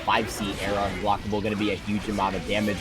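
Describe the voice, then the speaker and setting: A man's voice: on the low side, completely flat delivery, quick pace, music in the background. A man commentating a fighting game tournament, breaking down plays with dry jokes, his voice a bit worn out. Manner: analytical, joking. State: tired voice.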